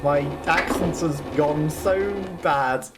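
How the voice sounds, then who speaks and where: A man's voice: fairly high pitch, takes it slowly, over music. A man casually commentating on his gameplay as a let's play host, chatting freely and laughing often between remarks.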